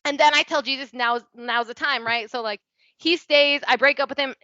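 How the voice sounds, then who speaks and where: A young woman with a bright, forceful and fairly high voice tells a personal story on a podcast. She talks in a candid, chatty way, full of "like" and swearing, and slips into the voices of the people in her story. The recording is dry and a little dull. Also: fairly even intonation, moderate pace, no room sound. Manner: chatty and candid, peppers speech with "like" and swearing, acts out quoted dialogue. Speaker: podcast guest. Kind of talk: casual storytelling in a podcast interview.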